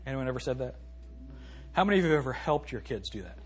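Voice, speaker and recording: A male pastor preaching in a church sanctuary, swinging from loud calls to hushed asides. His voice is husky and sits high for a man. When he reads scripture he slows to a weighty, emphatic cadence. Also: lively intonation. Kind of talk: sermon.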